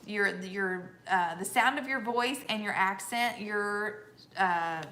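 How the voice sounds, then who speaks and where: Bright-voiced woman chatting live. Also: mid-range voice, takes it slowly. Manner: reads viewer comments aloud, laughs often. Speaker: co-host of a live stream. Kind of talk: casual live-stream chat.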